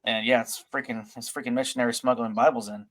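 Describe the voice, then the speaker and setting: A man's voice: mid-range voice, flat delivery, fast. A man hosting a podcast, retelling a story in a loose, casual way with many fillers and restarts. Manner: rambling, filler-heavy retelling. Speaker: podcast host.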